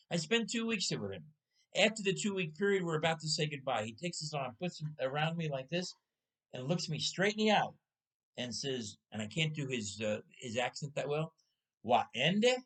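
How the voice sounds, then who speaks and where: A man's voice: fairly high pitch, a bit bright, rough recording. A man in his sixties hosting a casual talk show, telling stories and putting rhetorical questions to his listener. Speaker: podcast host. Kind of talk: casual storytelling chat.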